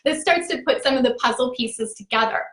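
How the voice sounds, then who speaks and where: A woman's voice: sits high, fairly quick, a bit bright, reverberant. A woman in her thirties hosting a live-stream astrology talk, upbeat and affirming, greeting viewers by name.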